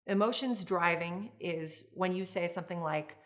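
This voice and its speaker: A woman's voice: lowish voice, normal speed, hardly any pauses. A middle-aged woman therapist teaching a relationship course in an earnest, explanatory way. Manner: earnest, explanatory, with acted example phrases. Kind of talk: instructional video lecture.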